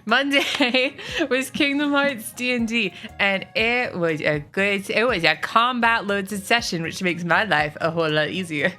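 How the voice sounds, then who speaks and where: Woman streamer, casual chatty ranter, bright tone, faint music behind. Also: medium pitch, unhurried. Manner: chatty, swearing, animated rants. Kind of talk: casual stream chat, reading chat.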